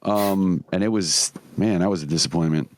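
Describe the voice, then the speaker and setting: Podcast co-host, male, low voice, loose and profane, dry close mic. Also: moderate pace, dry recording. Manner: profane, laughing, rambling. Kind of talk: casual chat.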